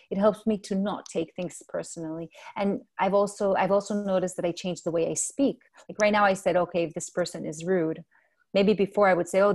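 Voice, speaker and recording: A woman whose first language is Spanish, chatting gently in an interview about mindfulness, pausing often to correct herself. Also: lowish voice. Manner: thoughtful, self-correcting, gentle. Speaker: guest, mindfulness mentor. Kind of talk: casual interview chat.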